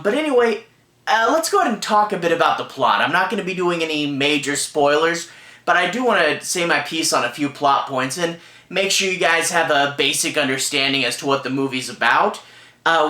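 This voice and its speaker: A man's voice: fairly high pitch, lively intonation, moderate pace, bright, forceful tone. A man casually reviewing a film and recapping the plot, rambling with many fillers. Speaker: movie reviewer. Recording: echoey room.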